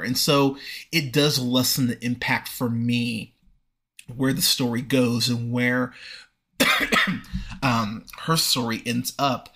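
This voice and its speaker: A man hosting a movie review podcast, talking casually with frequent pauses and restarts. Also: medium pitch, steady tone, pushed and bright. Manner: conversational, frequent fillers and restarts. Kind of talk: casual spoken film review.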